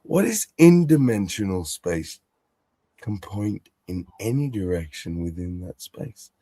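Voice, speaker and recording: A man's voice: on the low side, expressive, a little slow, mellow, no room sound. A man hosting a casual live-stream chat, loose and profane, laughing easily.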